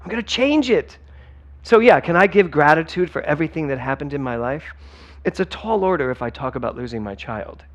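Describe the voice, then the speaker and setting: A man's voice: on the high side, animated, brisk, highs cut off. A man giving a sermon as a spiritual director, emphatic and conversational, talking straight to the congregation. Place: church sanctuary.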